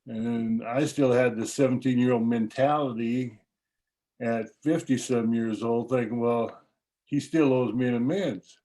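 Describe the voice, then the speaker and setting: Hesitant older man, mellow voice. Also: mid-range voice, steady tone, rough recording. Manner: hesitant, halting, many fillers. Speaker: meeting member. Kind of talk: personal share at a recovery meeting.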